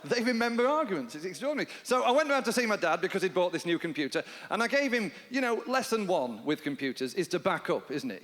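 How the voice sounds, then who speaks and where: Deadpan high-voiced male comedian. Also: quick pace. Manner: dry, deadpan storytelling with mock panic. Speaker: stand-up comedian. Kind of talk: stand-up comedy with songs. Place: live comedy stage. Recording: hall reverb with guitar music.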